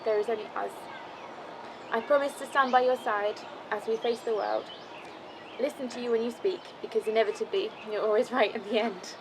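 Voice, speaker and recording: Nervous bride almost crying reading her vows, clear outdoor noise in the background. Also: fairly high pitch, steady tone, fairly quick. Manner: nervous, emotional, close to tears. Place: outdoors in a city park.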